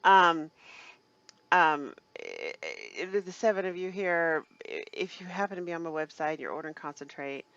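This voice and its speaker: Gravelly woman chatting live. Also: on the low side, fairly bright tone, lo-fi sound. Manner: chatty, laughs often, emotional and halting. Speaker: livestream co-host, shop owner. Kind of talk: casual live chat.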